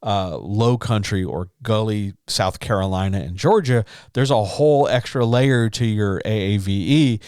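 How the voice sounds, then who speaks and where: A chatty, upbeat man hosts a writing livestream, speaking in a slightly low voice. He talks straight to his chat in a casual Q&A. The sound is dry and close on a podcast mic. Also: unhurried, few pauses, a little mellow, clear, resonant tone, dry recording. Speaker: writing coach and chat host. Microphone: studio podcast mic.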